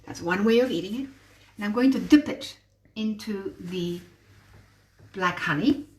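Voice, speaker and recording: This cooking show host speaks a little slowly in a mellow, mid-range voice, patiently walking through a live demonstration while her hands stay busy. She's picked up by a distant mic, giving a roomy sound with faint ambience.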